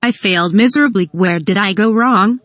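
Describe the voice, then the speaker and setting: A synthetic-sounding woman's voice voicing an exasperated, sharp-tongued mother scolding her son, read flatly. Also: medium pitch, brisk, no room sound, natural voice.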